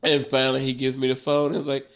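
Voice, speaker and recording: A man in his forties, a stand-up comedian, telling a wild road story on a podcast in an animated, profane way and laughing as he goes. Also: mid-range voice, quick pace, clear, resonant tone.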